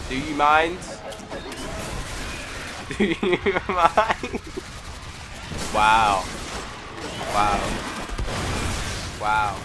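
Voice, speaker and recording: A teenage boy commentating his own gameplay in a goofy, trash-talking way, sniffly from a cold, swinging from mumbled asides to excited yells. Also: mid-range voice, extremely slow, long pauses, over music. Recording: noisy home recording.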